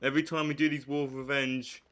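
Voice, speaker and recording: A young man giving live commentary on a strategy game, swinging from low muttering to hyped outbursts. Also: level tone, fast, fairly bright tone. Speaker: streamer.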